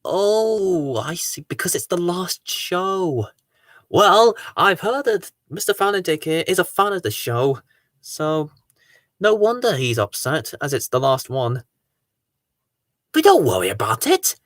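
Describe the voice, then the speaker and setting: A host of a live Q&A stream, greeting viewers and reading their comments aloud in an excitable, sing-song way. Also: medium pitch, a little slow, no room sound, studio quality.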